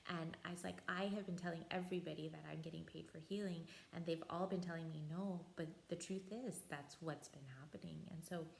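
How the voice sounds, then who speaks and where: A woman evangelist telling a personal testimony in a relaxed storytelling way, with frequent fillers and soft laughs. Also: fairly low pitch, vocal fry, a little hiss or hum. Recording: echoey room, faint ambience.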